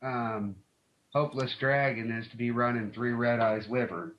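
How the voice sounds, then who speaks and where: A man's voice: medium pitch, fairly even intonation, normal speed. A man co-hosting a casual card-game podcast, making dry sarcastic remarks. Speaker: podcast co-host. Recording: dull lo-fi sound with faint noise.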